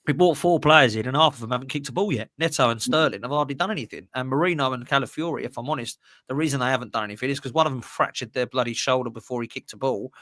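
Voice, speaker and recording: A man's voice: medium pitch, very fast, few pauses, a bit bright, no room sound, clean studio sound. A man in casual football chat, ranting bluntly and emphatically.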